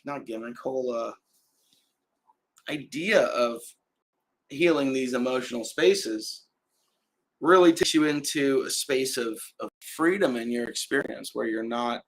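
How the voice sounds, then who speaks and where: Male host, mid-pitched, gravelly edge, casual home livestream, rambling delivery, faint hiss. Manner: relaxed, rambling, conversational, frequent restarts. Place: indoor home setup with adjustable lights. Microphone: camera mic on a live stream.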